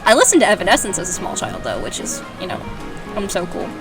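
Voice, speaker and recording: A woman's voice: medium pitch, huge pitch swings, quick pace, over music. A woman with an Irish accent, chatting casually and sarcastically while reading fanfiction aloud, rambling and giggling. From Ireland. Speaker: host.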